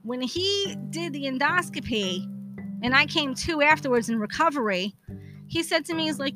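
A woman's voice: high-pitched, expressive, normal speed, over music, low-quality recording. A woman hosting a podcast, telling a long personal story in a blunt, exasperated way and swearing freely. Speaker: podcast host. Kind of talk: casual profane storytelling monologue.

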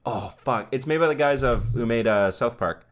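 A man's voice: medium pitch, moderate pace. A man co-hosting a podcast in casual chat, teasing his partner and swearing freely. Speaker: podcast co-host.

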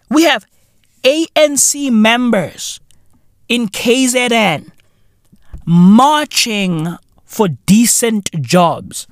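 Male podcast host, slow-paced, animated and exasperated, cursing and sarcastic. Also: extremely high pitch, no echo, studio quality. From South Africa. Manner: profane, sarcastic, exasperated ranting with slang. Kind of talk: solo podcast commentary rant.

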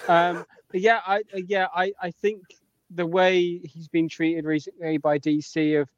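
A British man on a casual podcast, speaking in a somewhat high voice with plenty of hesitant repeats. His audio sounds slightly muffled and lo-fi, yet dry with no room around it. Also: little pitch movement, measured pace, no echo. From Britain. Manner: hesitant, uses fillers, repeats himself. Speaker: podcast co-host. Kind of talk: casual chat.

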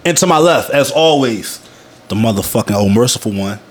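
A man's voice: mid-range voice, lively intonation, fairly quick. Man, podcast host, laid-back storyteller, faint hiss behind. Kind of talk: casual podcast chat.

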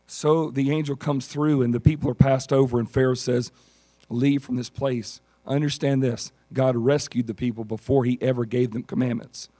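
A man preaching a sermon and telling stories in an animated way, acting out the characters. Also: mid-range voice, fairly quick, few pauses. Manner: animated storytelling, acts out characters. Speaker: pastor.

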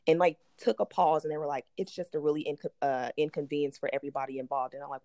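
A woman tells a story on a casual podcast, lively and profane, voicing the people in it. Her voice sits low. The sound is dry and close. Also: fast talker, no echo. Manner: animated, profane, acts out quotes. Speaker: podcast co-host.

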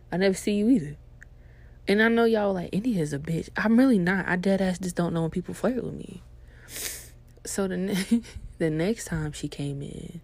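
A young woman podcast host telling a funny story in casual, slangy, profane chat, animated and laughing as she goes. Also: deep voice.

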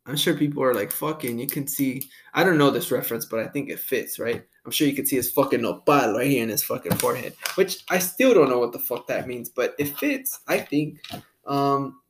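A man's voice: mid-range voice, lively intonation, brisk, slight background noise. Laid-back profane young man podcasting. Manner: profane, laid-back, says "dude" a lot, laughs often. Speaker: podcast host. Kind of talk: casual chat.

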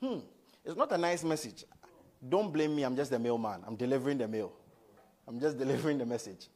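A man preaching a sermon in a church. He swings between loud emphasis and quiet asides and keeps asking the congregation questions. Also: medium pitch, expressive, fairly quick. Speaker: pastor.

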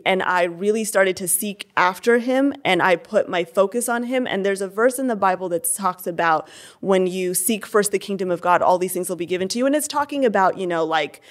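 A young adult woman giving a candid personal testimony as an interview guest, talking earnestly with many fillers and restarts. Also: on the low side.

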